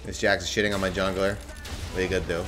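A man streaming a game, ranting and swearing at other players, swinging from low mutters to shouted outbursts. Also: flat delivery, fast, soft background music. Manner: tilted, swearing, ranting at teammates and enemies. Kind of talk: live gameplay commentary.

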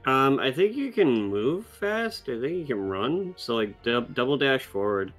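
A man's voice: mid-range voice, very animated, a little slow, fairly bright tone, soft background music. Dry, sarcastic young man. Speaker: co-host giving game tips. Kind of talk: casual gameplay chat.

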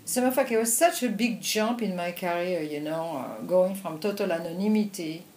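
An older woman with a French accent, a film editor telling lively anecdotes in a conversational interview, with frequent laughs. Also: lowish voice, fast, echoey room, slight background noise, poor audio. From France. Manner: animated anecdotes with frequent laughs and "you know". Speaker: film editor and director, guest.

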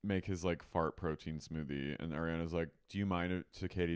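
A man's voice: sits low, fairly even intonation, brisk, hardly any pauses, clear, resonant tone. A young adult man co-hosting a podcast, casually gossiping about a reality show and slipping into playful mocking voices. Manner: playful, slips into loud mocking impressions. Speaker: podcast co-host.

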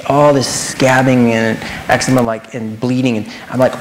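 A man giving a lecture presentation as a nutritionist, animated, firing rhetorical questions and addressing the audience directly. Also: medium pitch, moderate pace, slight background noise.

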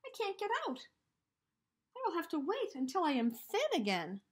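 A woman reading a storybook aloud, voicing a sly, greedy male spider trickster in a high, teasing voice. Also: huge pitch swings, moderate pace, exaggerated voice. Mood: playful.

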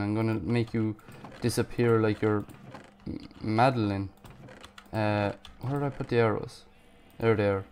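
A man giving casual gameplay commentary, panicking, swearing and yelling at enemies. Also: lowish voice, a little hiss or hum. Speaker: gaming YouTuber.

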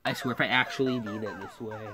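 Low-voiced woman griping at a game. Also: fairly even intonation, fast. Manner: frustrated, talks to the game, mutters and repeats herself. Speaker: gaming YouTuber. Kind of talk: casual gameplay commentary. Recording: game music behind the voice.

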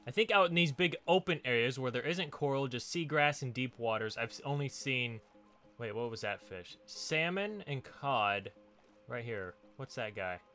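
Bright-voiced man chatting through a game. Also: medium pitch, expressive, normal speed, soft background music. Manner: chatty, easily surprised, laughs often. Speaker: gaming channel host. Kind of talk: casual let's play commentary.

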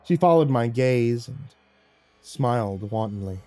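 Dark, mellow male horror narrator. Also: mid-range voice, animated, a little slow, faint music behind. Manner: dramatic first-person telling.

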